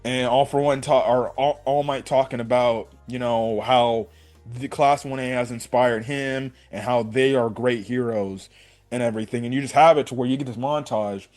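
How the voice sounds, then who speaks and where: A young man giving a casual, excited episode review, talking in a loose run of fillers and slang. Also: medium pitch, moderate pace, faint music behind. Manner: excited fan talk, many fillers and "bro". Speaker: anime reviewer.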